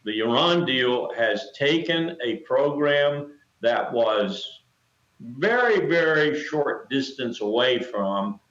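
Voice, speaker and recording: An older man giving a remote news interview as a guest, speaking in an emphatic, measured way and repeating phrases for stress. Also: medium pitch, a bit bright, reverberant, muffled recording. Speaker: interview guest, retired colonel.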